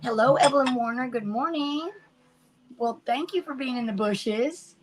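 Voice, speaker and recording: A woman's voice: high voice, normal speed, slight background noise, rough recording. An older woman chatting casually while crafting on a livestream at home, rambling and greeting viewers by name.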